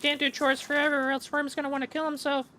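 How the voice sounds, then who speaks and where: A man putting on a squeaky, chirpy clown. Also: completely flat delivery, quick pace, sharp tone, a little hiss or hum. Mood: playful. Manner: chirpy, talks about himself in third person. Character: goofy high-voiced male clown. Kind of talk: online game role-play.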